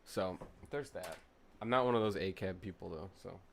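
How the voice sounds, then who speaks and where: A man's voice: deep voice, moderate pace, gravelly. A young man streaming a truck-driving game from his home setup, chatting casually and telling a heated, profane story. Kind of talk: casual gaming stream chat. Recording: truck engine noise from game. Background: game truck engine and road ambience.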